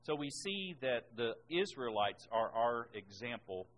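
A man preaching a sermon and reading scripture aloud, rising sharply in pitch and volume on the words he stresses. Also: sing-song, unhurried, a bit bright, a little hiss or hum, rough recording. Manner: emphatic, rises in pitch and volume on key words.

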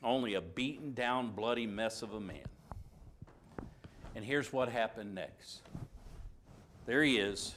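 A man teaching an informal Bible lesson at a mid-range pitch. He tells the story in a conversational way, with restarts and asides. His voice swings between loud, dramatic passages and hushed, quiet ones. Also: takes it slowly, long pauses.

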